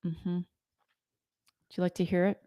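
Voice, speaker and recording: A woman's voice: fairly low pitch, level tone, moderate pace, warm tone, dry recording, studio quality. A woman co-hosting a casual livestream over drinks, teasing and correcting her co-host.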